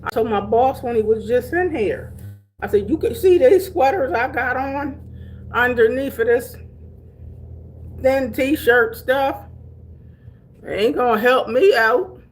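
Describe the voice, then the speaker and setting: An older Delaware woman vlogs casually to camera, calling viewers honey and baby and laughing readily as she tells stories. Her voice is slightly high, she speaks slowly with frequent pauses, and there's faint hiss or hum.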